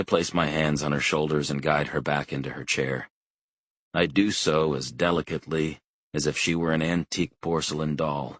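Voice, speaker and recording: A man reading a thriller audiobook in calm, measured first-person narration. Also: a bass voice, no echo. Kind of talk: scripted narration.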